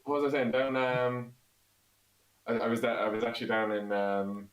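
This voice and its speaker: A man's voice: mid-range voice, steady tone, moderate pace, far from the mic. An Irish man, a member of a folk band, chatting casually on a livestream and telling rambling stories with frequent laughs. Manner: rambling storyteller, laughs often. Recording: roomy echo.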